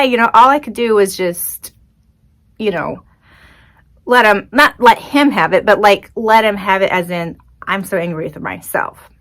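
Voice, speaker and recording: A woman hosting her own podcast, telling a personal story in a chatty, expressive, self-deprecating way. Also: medium pitch, unhurried. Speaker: podcast host. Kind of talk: casual solo podcast storytelling.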